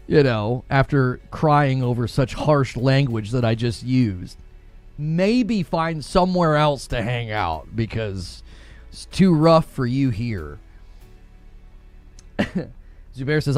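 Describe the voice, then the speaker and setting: A man's voice: medium pitch, sing-song, unhurried, darkish tone, no room sound, soft background music. A young man hosting a gaming live stream, reading viewer comments aloud in a sarcastic, mocking way and laughing often. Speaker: gaming livestream host.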